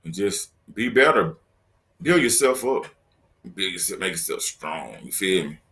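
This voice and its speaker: A man's voice: low voice, big pitch swings, measured pace, fairly bright tone. A man hosting a casual solo podcast, joking loosely and talking straight to his listeners in slang. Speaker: podcast host. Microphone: laptop setup, talking to camera.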